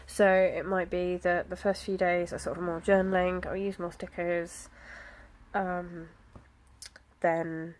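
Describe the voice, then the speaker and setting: A woman, chatting casually about her planner, with soft, self-deprecating asides and frequent fillers. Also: lowish voice, flat delivery, slow. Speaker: planner vlogger. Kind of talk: casual chat.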